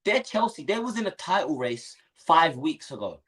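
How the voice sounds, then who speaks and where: A man's voice: a little high, very animated, moderate pace, fairly bright tone. A young man co-hosting a football watchalong, talking in casual slangy banter and getting worked up about rival fans.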